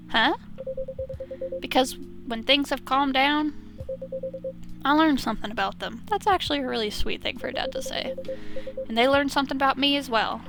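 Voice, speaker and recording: A woman voicing a weary middle-aged male police officer and father, with a put-on Southern accent and a gentle, plain way of talking, as she reads a visual novel aloud. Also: sits high, background noise.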